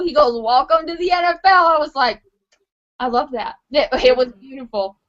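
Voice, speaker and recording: Bubbly female co-host, high voice, laughs a lot in sports banter. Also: normal speed. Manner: animated, laughing, playful storytelling. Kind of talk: casual sports chat. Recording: dull lo-fi audio.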